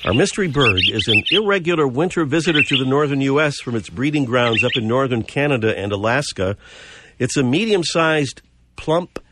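A man hosting a radio show, a little hoarse, joking and laughing easily. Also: medium pitch, a bit bright, a little hiss or hum. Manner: jokey, laughs often. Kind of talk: casual radio chat. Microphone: studio microphone.

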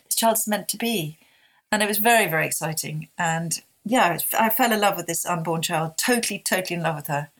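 A woman in her fifties, a guest speaking candidly and heartfelt in an interview, often halting and restarting. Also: fairly low pitch, fairly bright tone.

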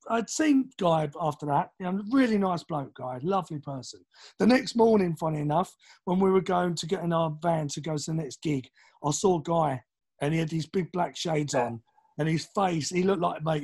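A middle-aged man from East London with a London accent, telling anecdotes as a podcast guest, animated and acting out the voices of people in his stories. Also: high voice. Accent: London English. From East London, England. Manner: animated, acts out quoted voices, swears casually. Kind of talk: casual storytelling.

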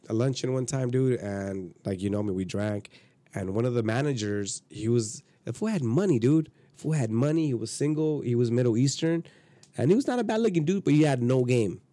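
A man's voice: medium pitch, dark tone, no room sound. A man in his thirties telling a rambling, profane story on a casual podcast. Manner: profane, rambling, acts out quotes. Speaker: podcast guest.

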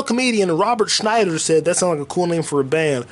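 A man hosting a podcast, riffing in a loose, jokey comedic monologue that jumps into high excited bursts. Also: a little fast. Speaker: podcast host.

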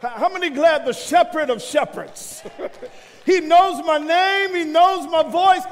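High-voiced shouting New York preacher. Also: male voice, measured pace. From Brooklyn, New York. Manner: impassioned preaching, rising to shouts, calls to the congregation. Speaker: associate minister. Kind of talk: sermon. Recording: reverberant church hall.

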